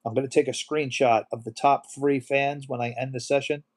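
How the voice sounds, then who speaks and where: A middle-aged man hosting a casual live stream, talking softly and emotionally while reading viewer comments aloud. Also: medium pitch, steady tone, a little fast.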